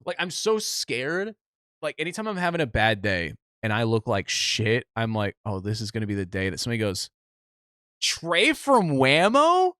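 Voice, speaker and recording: A young man co-hosting a casual podcast, telling animated stories and acting out what other people said. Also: fairly low pitch, a little fast, smooth, no room sound, studio quality. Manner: animated storytelling, acts out other people's lines. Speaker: podcast co-host. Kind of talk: casual chat.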